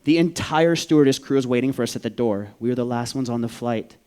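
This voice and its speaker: This man's mid-range voice is smooth and quick as he tells a personal story on stage. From Vancouver, Canada, he performs it animatedly, swearing and acting out the characters' voices.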